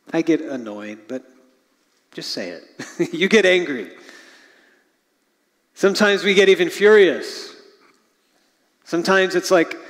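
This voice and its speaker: A middle-aged man preaching a sermon as pastor, earnest, often sinking to a hushed low voice at the ends of phrases. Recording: long reverb of a large hall.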